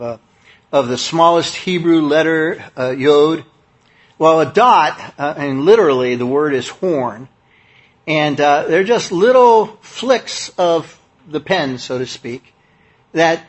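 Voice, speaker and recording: A man delivering a sermon in a husky, slightly raised voice. He talks conversationally and stresses key words, often pausing to restart his thoughts with fillers. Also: a little high. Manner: conversational, emphatic preaching with many fillers and restarts. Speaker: preacher.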